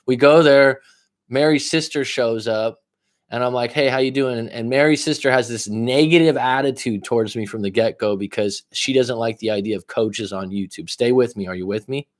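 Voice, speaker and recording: A man giving live coaching advice, blunt and full of profanity. He leans hard on key words, then drops into low asides. His voice sits at an everyday middle pitch. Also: moderate pace. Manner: blunt and profane, talking straight to a viewer; lively swings between loud emphasis and low asides. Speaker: life coach. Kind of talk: casual livestream coaching advice.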